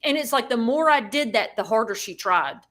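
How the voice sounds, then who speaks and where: A woman co-hosting a podcast, telling a story in a lively way and acting out the people she quotes. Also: a little high, normal speed. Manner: animated, acts out quoted voices. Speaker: podcast co-host. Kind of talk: casual storytelling.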